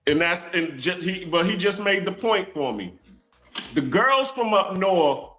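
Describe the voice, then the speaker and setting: A man's voice: high-pitched, lively intonation, a little slow, fairly bright tone, faint music behind. A military veteran man explaining his view in a casual group conversation. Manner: explaining, making a point.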